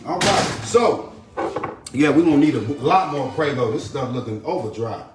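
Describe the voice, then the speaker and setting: A man's voice: medium pitch, expressive, normal speed, roomy sound, background noise. A man hosting a casual live cooking stream, loose and chatty, talking to viewers by name. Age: adult. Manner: loose and chatty, repeats a catchphrase, greets commenters. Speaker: home cooking host. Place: home kitchen.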